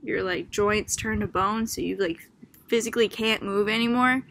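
A woman's voice: medium pitch, fairly even intonation, moderate pace, a bit bright. A young woman from Boston with a Boston accent, a student chatting casually about a book she read, full of "like" and "um" and often amused. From Boston, Massachusetts. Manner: chatty, filler-heavy with frequent "like" and "um"; amused, laughing as she talks.

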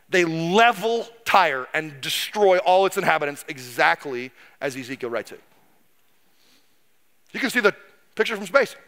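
A middle-aged man preaching a sermon as pastor, telling history as a lively story and acting out the people he quotes. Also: high-pitched.

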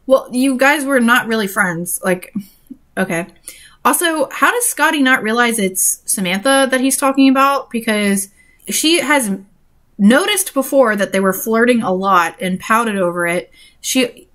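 A woman's voice: a little high, fairly bright tone. A woman reading a fan story aloud and breaking off for frank, sarcastic commentary. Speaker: reader and commentator.

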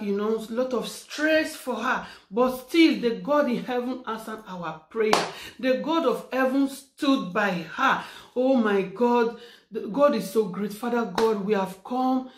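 A woman vlogger speaks fervently in a heartfelt birthday vlog, repeating her phrases and praying aloud. Her voice is mid-range, the room is echoey, and there's slight background noise.

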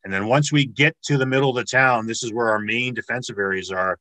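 A man's voice: medium pitch, fast, pushed and bright, dry recording, poor audio. A man giving an online military history lecture over a video call, explaining step by step with fillers and restarts.

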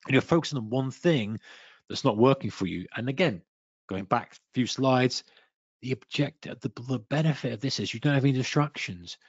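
A man's voice: medium pitch, moderate pace, husky, dry recording. Man coaching with playful sound effects. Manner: acts out a trader's self-talk in quoted asides. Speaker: trading coach presenting a webinar. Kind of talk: instructional webinar talk. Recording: dull, slightly lo-fi webinar audio.

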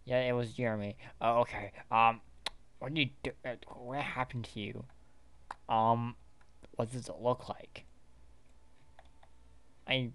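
A man's voice: medium pitch, steady tone, slow pace, long pauses, clear, resonant tone. A man acting in an amateur fan series, talking in a hesitant, stammering, confused way.

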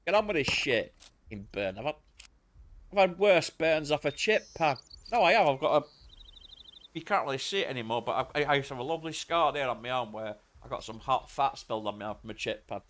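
A man's voice: medium pitch, expressive, fairly bright tone. A man with a Sheffield accent chatting loosely while streaming a game, bantering and swearing. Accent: Sheffield English. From Sheffield, England. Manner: banter, swearing, quick exclamations. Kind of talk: casual gaming chat.

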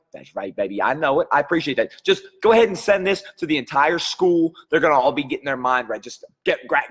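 Man, coach on a live stream, energetic, chatty, husky voice, long reverb. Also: fairly high pitch. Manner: energetic, chatty, shouts out viewers by name. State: under the weather. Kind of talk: live-stream chat with viewers.

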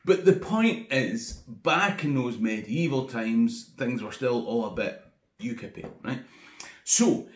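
A man's voice: mid-range voice, animated, takes it slowly, echoey room. A man with a Scottish accent telling a comic history tale in a chatty way full of wry asides. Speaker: history tour guide storyteller. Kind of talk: casual comic storytelling.

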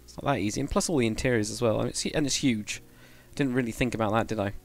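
A man's voice: mid-range voice, very fast, faint music behind. A man chatting casually to viewers on a live stream, rambling and correcting himself as he goes. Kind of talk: casual live-stream chat while building.

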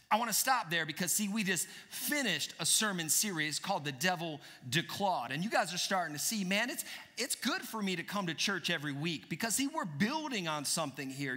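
A man preaching a sermon as pastor, animated and asking the congregation questions. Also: high voice. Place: church sanctuary. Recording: church hall reverb.

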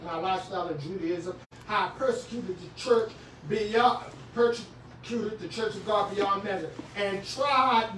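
A male preacher giving a sermon, moving from quiet talk to fervent shouting and often repeating words as he speaks. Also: sits high, recorded from a distance, a little hiss or hum. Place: church sanctuary. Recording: very echoey church from afar.

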